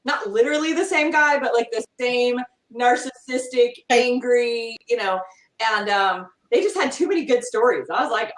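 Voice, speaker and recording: A middle-aged woman being interviewed as a guest author, animated and acting out little quotes as she talks. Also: fairly high pitch, normal speed, distant mic. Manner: animated, acts out quotes in other voices. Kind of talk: podcast interview. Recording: roomy, from off mic.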